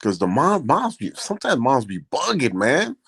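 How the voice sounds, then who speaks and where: A man co-hosting a podcast who teases his co-host with quick interjections. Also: medium pitch, huge pitch swings, a bit bright, husky. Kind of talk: casual chat.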